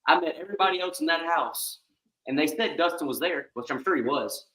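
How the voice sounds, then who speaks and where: A man's voice: fairly high pitch, a little fast, bright, forceful tone, echoey room, poor audio. A man on a podcast giving short, hesitant answers in casual chat.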